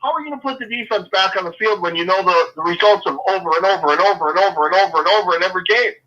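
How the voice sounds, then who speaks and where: A man's voice: high voice, racing, pushed and bright, highs cut off. A man talking football as a guest, ranting in a fired-up way, swearing and then apologizing. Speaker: guest fan. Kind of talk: casual sports chat.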